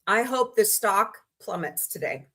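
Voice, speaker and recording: A woman's voice: mid-range voice, animated, unhurried, pushed and bright. A woman from Missouri hosting a casual live stream, chatty and rambling with frank asides to her viewers. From Missouri, USA. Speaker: livestream host.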